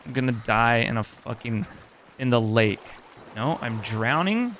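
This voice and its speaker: A man's voice: mid-range voice, lively intonation, unhurried, fairly bright tone, a little hiss or hum. A man giving casual commentary on his own gaming, exasperated and self-mocking, with frequent swearing. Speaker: game streamer.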